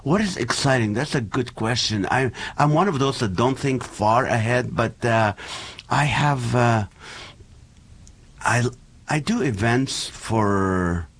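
A middle-aged man from the Middle East telling funny stories in a casual, animated chat as a guest. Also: mid-range voice, takes it slowly, breathy edge. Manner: animated storytelling with jokes.

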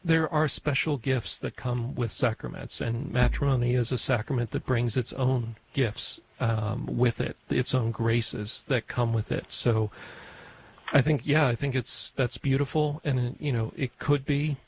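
Gravelly, reflective man co-hosting radio. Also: medium pitch, fairly even intonation, low-quality recording. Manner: measured and reflective, with fillers. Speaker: radio co-host. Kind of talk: call-in radio talk.

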